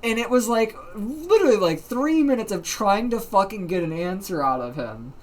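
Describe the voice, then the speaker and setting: Animated, profane livestream storyteller. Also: mid-range voice, moderate pace. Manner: animated, profane, many fillers. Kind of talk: casual storytelling.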